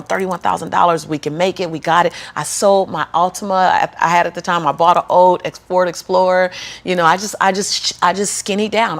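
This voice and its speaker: A middle-aged woman telling her life story as a guest in an interview, animated and building to preacherly peaks. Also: lowish voice. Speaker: motivational speaker, guest.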